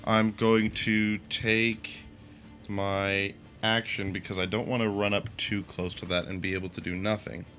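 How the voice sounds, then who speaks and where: Low, bright-toned excitable male player. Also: measured pace. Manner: excitable, joking, thinks aloud. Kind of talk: casual tabletop play.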